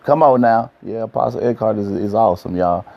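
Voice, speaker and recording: A man's voice: lowish voice, brisk, creaky, dull audio. A man, a pastor, preaching casually to live-stream viewers about relationships, playful and repetitive, talking straight to his audience. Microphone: phone live stream.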